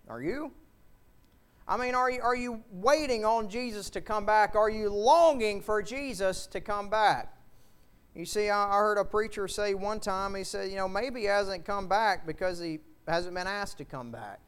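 A male preacher delivering a fervent sermon, building to loud shouts at the peaks. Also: high-pitched, moderate pace, clean tone.

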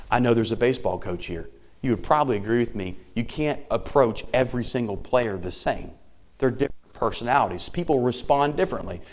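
Man, thirties, pastor, sermon, mid-range voice, loud and soft by turns. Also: medium pitch. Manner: animated preaching, swinging from loud emphasis to soft near-whisper.

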